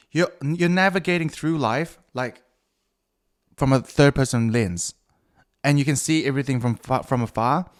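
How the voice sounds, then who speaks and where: A man hosting a solo podcast, talking in a crude, meandering, self-mocking way with many fillers and restarts. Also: medium pitch. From New Zealand. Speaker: podcast host. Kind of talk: rambling solo podcast monologue.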